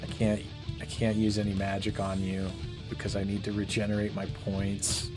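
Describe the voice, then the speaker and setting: A man's voice: fairly low pitch, monotone, moderate pace, over music. A man giving casual, exasperated commentary while playing a game, swearing and laughing as he rants. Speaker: gaming channel host.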